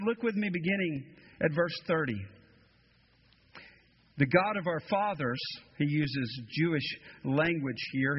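A man's voice: fairly high pitch, husky. A man preaching an expository sermon as pastor, with emphatic repeated phrases that rise and fall. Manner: preaching with rising emphatic cadence and repetition. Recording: dull lo-fi sermon recording.

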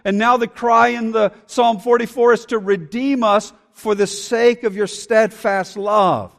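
High-voiced preacher in a reverberant hall. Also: male voice, fairly even intonation, unhurried, gravelly. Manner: preaching with dramatic swings in pitch and loudness. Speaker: pastor. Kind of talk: sermon.

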